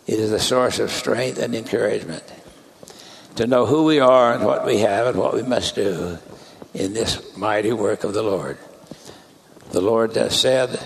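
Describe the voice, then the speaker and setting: A man delivering a sermon as a church leader, in a measured, deliberate preaching cadence. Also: on the low side, vocal fry, slight background noise.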